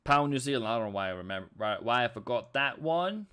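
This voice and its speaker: This forex trading streamer, a non-native English speaker with Norwegian roots, delivers easygoing live-stream commentary. He talks fast in a medium-pitched, animated voice that is clean, resonant, and a bit sharp. Chatty by nature, he reads the chat out loud and breaks into bits of song.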